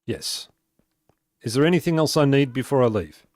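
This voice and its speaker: A man's voice: medium pitch, animated, moderate pace, a little mellow, no room sound. Chatty male game streamer, dry close mic. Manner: chatty, laughs often, reads and answers chat aloud. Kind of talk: casual live-stream chat while playing.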